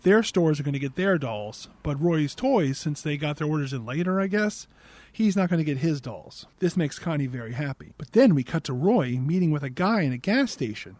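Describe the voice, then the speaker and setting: A man's voice: a little high, expressive, normal speed, darkish tone, dry recording. A man hosting a podcast, giving a casual, sarcastic and exasperated movie recap. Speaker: podcast host.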